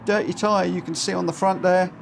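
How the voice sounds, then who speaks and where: Chatty brit guy calling online races, kinda high pitched, loud car game sounds underneath. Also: fairly quick, gravelly. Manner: chatty, excitable, jokey. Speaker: race commentator and lobby host. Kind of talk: live stream commentary. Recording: game audio noise behind.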